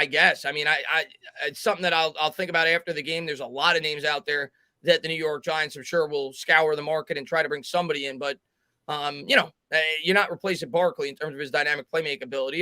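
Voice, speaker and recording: A man hosting a live sports reaction stream, calling plays and reading viewer comments aloud with quick, halting restarts. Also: on the high side, pushed and bright, no room sound. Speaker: host doing play-by-play.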